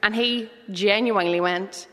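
A woman in her thirties with a Derry accent, delivering a lively stand-up comedy set. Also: medium pitch, measured pace, long reverb tail. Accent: Northern Irish (Derry). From Northern Ireland. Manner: lively, punchy joke delivery. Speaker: comedian guest.

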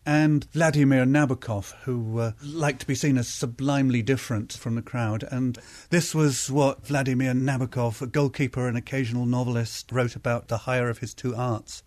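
A man speaking in a reflective interview, measured and thoughtful, pausing with frequent hesitations. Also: medium pitch, steady tone, a little mellow. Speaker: interviewee, writer on goalkeeping.

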